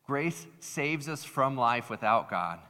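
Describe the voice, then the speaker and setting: A man delivers a sermon with a bright, forceful voice that carries. The sound rings with the long reverb of a large hall. He talks in a lively, conversational way and slips into other people's voices when telling a story. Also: medium pitch, slow pace. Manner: animated, acts out voices in stories. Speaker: pastor.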